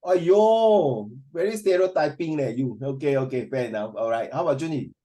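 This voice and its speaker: A middle-aged male teacher with a Singaporean accent runs a classroom discussion, speaking fast in a mid-range, dark-toned voice. He teases his students, mixes English and Mandarin, and calls on them by name.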